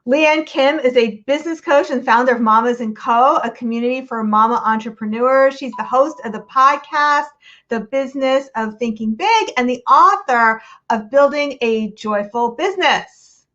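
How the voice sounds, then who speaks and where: A woman's voice: sits high, a bit bright. A woman hosting a podcast interview in a casual, playful, teasing way. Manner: playful, teasing, quick asides. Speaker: podcast host. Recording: slightly dull, lo-fi audio.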